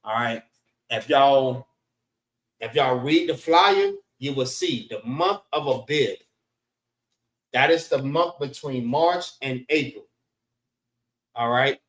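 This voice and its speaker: A man's voice: mid-range voice, slow pace, pauses often. Guy teaching a laid-back class, mid-range voice, keeps saying all right, echoey room. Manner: relaxed, repeats "all right" between points. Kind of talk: informal scripture class lesson. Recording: roomy echo.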